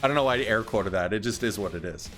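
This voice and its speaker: A man's voice: lowish voice, fast talker, a bit bright, slight background noise. A man co-hosting a casual comedy news chat, reading headlines aloud and laughing often. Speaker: podcast co-host reading news stories.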